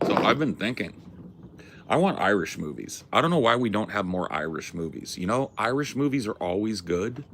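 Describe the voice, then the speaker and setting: A man's voice: lowish voice, sing-song, moderate pace, fairly bright tone, slight background noise. A man hosting a livestream, chatting casually with his viewers in a rambling, slangy way with plenty of swearing. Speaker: livestream host. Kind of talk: casual chat with a live chat.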